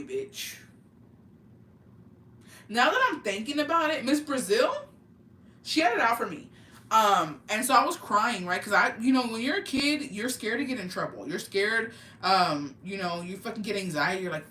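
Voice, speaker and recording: Brief: young woman vlogger, animated, swears constantly, bright voice, roomy echo. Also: medium pitch, moderate pace, a little hiss or hum. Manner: profane, animated, slangy storytelling. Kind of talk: storytime vlog. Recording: echoey room, mic at a distance, faint ambience.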